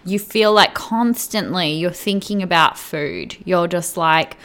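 A woman's voice: lowish voice, measured pace, creaky, fairly bright tone. A woman coach giving earnest direct advice to the viewer, often checking in with "right?" and "okay?". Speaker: weight-loss coach.

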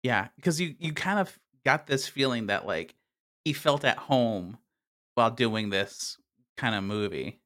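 Casual male co-host, bright tense tone, halting speech with lots of "I don't know". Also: mid-range voice, lively intonation. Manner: hesitant, many fillers and "I don't know". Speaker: podcast co-host. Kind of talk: casual chat.

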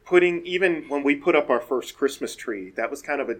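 A man casually telling stories about family and traditions, in a relaxed way with frequent fillers. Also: a little high, a little fast. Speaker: guest speaker. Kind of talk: casual storytelling.

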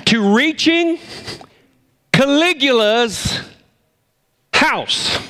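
A man preaching a sermon, animated, swinging between emphatic points and low, quiet asides. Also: extremely slow. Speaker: pastor.

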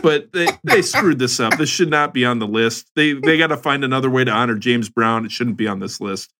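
A man co-hosts a joking podcast and breaks into mock-outraged rants. His voice sits at an ordinary middle pitch, and his speech is plain and conversational. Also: brisk, sharp tone. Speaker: podcast co-host. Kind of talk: casual comedic podcast chat.

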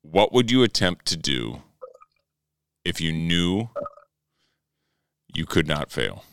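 A man in his thirties with a low, bright voice tells family stories on a podcast. His pitch swings widely as he acts out quotes and bursts into loud laughs. The sound is dry and close. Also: takes it slowly, clear, resonant tone, no room sound. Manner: animated storyteller, acts out quotes, swears, laughs loudly. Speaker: podcast co-host. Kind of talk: casual storytelling chat.

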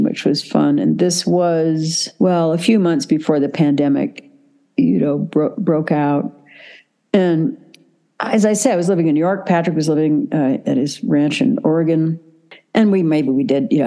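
An older woman, an actress, telling lively stories as a guest in a casual interview, laughing easily as she talks. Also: low voice. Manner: animated, chatty, laughs easily.

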